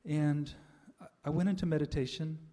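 An older man giving a reflective personal testimony to an audience, pausing often with "uh" and soft laughs. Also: fairly high pitch, steady tone. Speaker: speaker sharing a spiritual life story.

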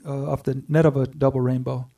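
A man's voice: mid-range voice, little pitch movement, vocal fry, dark tone. Man telling a story from a distance. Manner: earnest storytelling with pauses and restarts. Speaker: speaker sharing a personal spiritual story. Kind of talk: personal testimony to a group.

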